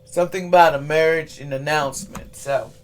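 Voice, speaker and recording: Woman reading tarot for her channel: loose, chatty, easy laughter, a bit low in pitch. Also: fairly even intonation, brisk. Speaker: tarot reader. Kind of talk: casual weekly reading vlog.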